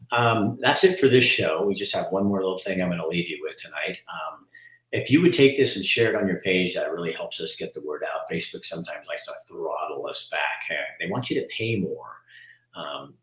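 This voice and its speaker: A man's voice: sits low, fairly bright tone, echoey room. A middle-aged man hosting a show, closing with a rambling, personal story told in a reflective way. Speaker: show host. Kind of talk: casual closing monologue.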